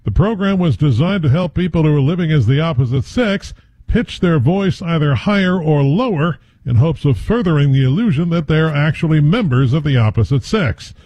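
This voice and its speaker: A man filing a scripted radio news report in a measured reading voice. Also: a little high, expressive, warm tone, breathy edge, no room sound. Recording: slightly dull lo-fi audio.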